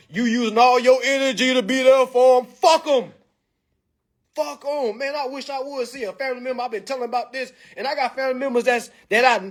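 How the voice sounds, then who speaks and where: A man holds forth in a profane monologue. He talks bluntly and provocatively, lecturing his listeners like a preacher. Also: extremely high pitch. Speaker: vlog commentator. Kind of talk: ranting monologue.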